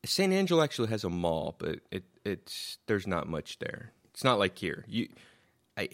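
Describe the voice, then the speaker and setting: Deep, gravelly-voiced male podcast host. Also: very animated, moderate pace. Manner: rambling, profane, laughs at own stories. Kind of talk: casual storytelling chat.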